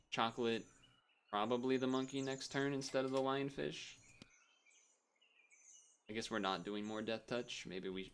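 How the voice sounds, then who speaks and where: A man's voice: medium pitch, fairly bright tone, a little hiss or hum. A young man streaming a game, chatting casually and thinking aloud as he rambles and cuts himself off.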